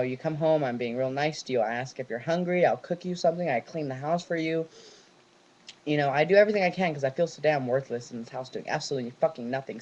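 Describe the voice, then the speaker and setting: A man's voice: on the high side, darkish tone. Young guy from california ranting at his webcam at home, swears a ton, muffled lo-fi sound. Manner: ranting, heavy swearing, run-on storytelling. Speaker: vlogger. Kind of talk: venting personal vlog.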